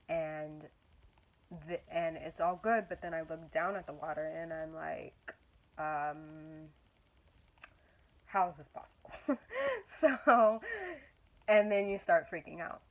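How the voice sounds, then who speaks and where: A woman's voice: low voice, poor audio. A young woman talking casually and earnestly about her faith, rambling and searching for words with many fillers. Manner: earnest and encouraging. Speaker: Christian vlogger. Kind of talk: casual faith talk to camera.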